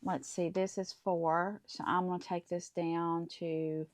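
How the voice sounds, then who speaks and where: A woman's voice: lowish voice, flat delivery, measured pace. A middle-aged woman hosting a casual craft tutorial, chatting to viewers as she works through each step. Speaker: crafting channel host.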